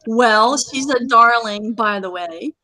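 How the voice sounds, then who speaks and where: A woman hosting a live gaming community chat, giving brisk, emphatic instructions. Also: on the high side, bright, forceful tone, no room sound, low-quality recording. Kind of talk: live stream casual chat.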